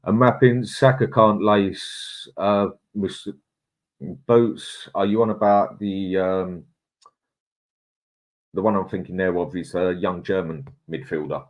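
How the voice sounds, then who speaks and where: A man's voice: deep voice, steady tone, slow pace. A man hosting a casual football fan live stream, reading out viewer comments and giving his opinions in a conversational way. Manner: opinionated, conversational, stumbles over names.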